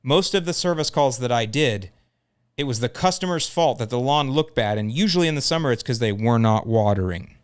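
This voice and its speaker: A man's voice: medium pitch, animated, a little fast, smooth. A middle-aged man hosting a lawn care podcast, telling a story in a casual, joking way.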